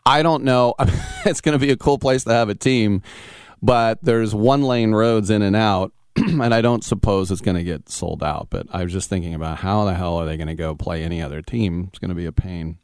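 Rambling sports-radio host with a smooth voice. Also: male voice, fairly low pitch, normal speed, dry recording, studio quality. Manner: rambling, digressive, wry. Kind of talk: opinionated sports talk monologue. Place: radio studio.

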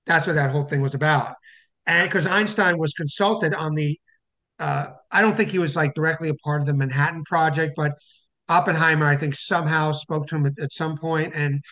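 A man's voice: fairly high pitch, steady tone, brisk, sharp tone. Rambling male author telling anecdotes. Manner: rambling anecdotes with fillers and restarts. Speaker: author guest. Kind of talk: phone-in interview storytelling.

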